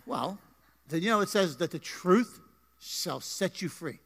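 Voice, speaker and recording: Joking male pastor, bright high voice, live church sermon in a reverberant room. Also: expressive, unhurried, gravelly. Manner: playful, joking banter with the congregation. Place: church sanctuary.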